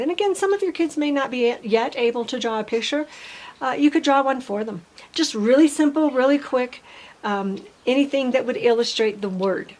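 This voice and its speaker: A woman's voice: a little high, expressive, moderate pace, a little mellow, low-quality recording. Patient woman teacher explaining to parents. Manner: patient, explains step by step and models simple sentences. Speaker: speech-language teacher. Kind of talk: instructional tutorial for parents.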